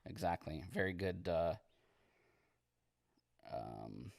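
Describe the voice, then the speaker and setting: A man streaming as he paints miniatures, chatting casually in a relaxed, rambling way and reading viewer comments aloud. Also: sits low, normal speed, dry recording, clean studio sound. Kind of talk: casual livestream chat while painting.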